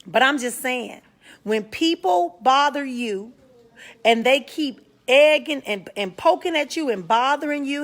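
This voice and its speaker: Woman w/ doing a casual spiritual talk stream, blunt and slangy, kinda high voice. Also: expressive, unhurried. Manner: frank, slangy, greets viewers by name mid-sentence. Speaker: spiritual talk show host.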